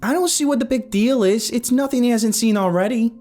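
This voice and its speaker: A man voicing a loud, indignant young woman who shouts and gripes in a spoken story. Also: fairly high pitch, a little fast, soft background music, pitched above the performer's own voice, lightly acted. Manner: shouting, griping.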